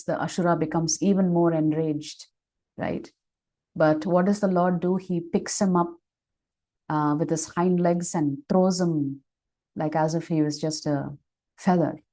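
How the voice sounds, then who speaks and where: A woman teaching as a spiritual speaker, retelling devotional scripture stories in a measured way with frequent fillers. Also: on the low side, warm tone, low-quality recording. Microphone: online session microphone.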